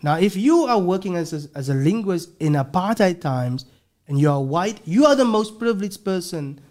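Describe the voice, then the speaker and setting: A man's voice: sits high, animated, moderate pace, darkish tone. A man, a linguistics professor talking as a podcast guest, explaining earnestly and restarting his words often. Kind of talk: casual interview talk.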